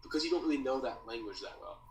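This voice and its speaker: A man's voice: medium pitch, animated, rapid-fire. A man teaching a copywriting course in a loose, slangy casual talk, calling listeners dude and bro. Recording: roomy echo, mic at a distance, faint noise.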